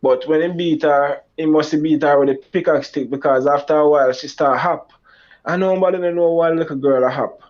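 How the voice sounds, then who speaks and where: On a dull, lo-fi recording, a man with a fairly high, slightly mellow voice and a Jamaican accent talks fairly quickly. His long personal story rambles along in Jamaican Creole phrasing, with quoted lines acted out in a raised voice.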